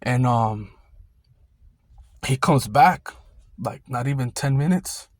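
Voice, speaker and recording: A man's voice: mid-range voice, animated, slow, a little mellow, no room sound. Rambling, profane man telling a story. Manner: rambling, profane, street slang. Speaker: storyteller recalling a security job. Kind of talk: casual storytime monologue.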